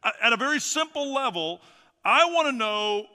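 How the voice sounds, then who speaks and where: A man preaching a sermon as pastor, emphatic and repetitive, swinging from loud to quiet. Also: very high-pitched, expressive, moderate pace. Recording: reverberant hall.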